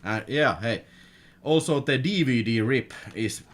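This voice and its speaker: A man's voice: mid-range voice, expressive, a little slow, noisy background. A man with a Finnish accent and Finnish as his first language, chatting casually through a film unboxing, laughing often and repeating words. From Finland. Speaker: film collector vlogger.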